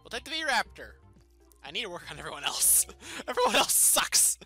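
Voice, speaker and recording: Excitable high-voiced gaming guy. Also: moderate pace, breathy edge, faint music behind. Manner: excitable, goofy, exclaims loudly. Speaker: let's play host. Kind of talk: gameplay commentary.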